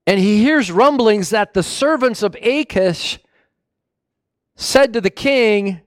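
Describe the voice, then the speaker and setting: A man preaching a sermon with animated storytelling who often corrects himself mid-phrase. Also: high voice, slow pace, dry recording, clean studio sound.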